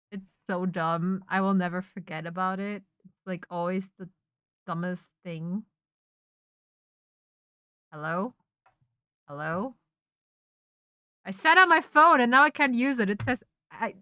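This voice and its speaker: Bright, crisp young woman streamer chatting. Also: mid-range voice, no echo, studio quality. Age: young adult. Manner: rambling, animated storytelling with self-interruptions. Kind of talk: casual chat.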